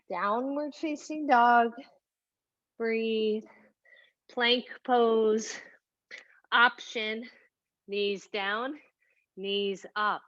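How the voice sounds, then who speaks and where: A woman leads a yoga class, giving each cue slowly and steadily in a slightly high voice. She sounds a little out of breath from moving with the class. The recording is dull and lo-fi. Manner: slow, calm cueing with breathy whoops of effort. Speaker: yoga teacher. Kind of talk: guided yoga class instruction.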